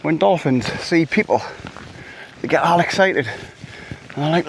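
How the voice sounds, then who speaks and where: A man's voice: a little high, normal speed, vocal fry, a little hiss or hum. A middle-aged man talking to his camera as he walks woodland paths, rambling with jokey asides. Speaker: vlogger. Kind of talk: casual vlog talk to camera. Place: outdoors on woodland and coastal paths.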